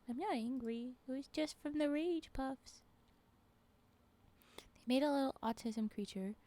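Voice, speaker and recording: Mellow-voiced woman streamer, playful and chatty. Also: a little high. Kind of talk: casual chat while gaming.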